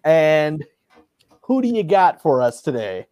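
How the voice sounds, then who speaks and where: A man's voice: fairly high pitch, big pitch swings, slow pace, darkish tone, no echo. A man hosting a casual podcast chat, loose and chatty, laughing often. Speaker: podcast host.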